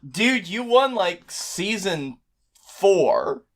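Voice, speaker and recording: A man co-hosting a podcast, teasing his friend with wry, deadpan jokes. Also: high-pitched, very slow. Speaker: podcast co-host. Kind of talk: casual comedic chat.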